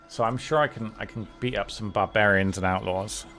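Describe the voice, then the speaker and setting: A man's voice: lowish voice, brisk, a bit bright. A man streaming a video game, giving casual commentary in a dry, offhand way, with some swearing. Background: game music.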